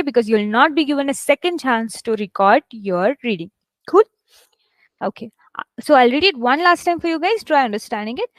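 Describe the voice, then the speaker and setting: A woman with a high voice runs a live online English lesson, talking her students through reading aloud. She fills her talk with okays and calls them guys, stretching out words to show stress. The sound is dry and close, with no room around it. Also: no room sound, poor audio. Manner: chatty, addresses students as guys, many okays. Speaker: English test instructor. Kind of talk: live online class teaching.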